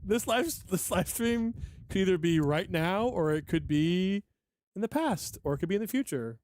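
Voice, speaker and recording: Rambling, profane streamer guy, high-pitched. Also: lively intonation, moderate pace, a little mellow. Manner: rambling, profane, self-mocking. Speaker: live-stream music producer. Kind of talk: casual live-stream chat.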